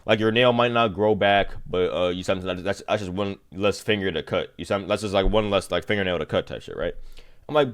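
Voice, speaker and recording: A man's voice: low voice, a little fast, a bit bright. A young man streaming to his chat, telling a long story in a rambling, slang-heavy way and repeating "you see what I'm saying.".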